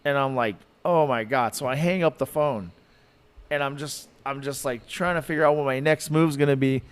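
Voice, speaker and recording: A man telling a podcast story in an animated, rambling way, full of fillers and likes. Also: mid-range voice, fairly quick, clean tone. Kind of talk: casual storytelling.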